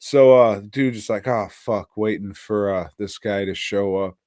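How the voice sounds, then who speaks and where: Slow-talking podcast co-host, mid-pitched man, rambly and profane recap in a dry-sounding room. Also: darkish tone, no echo. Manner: rambling, profane, laughing at his own story. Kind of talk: casual movie-recap chat.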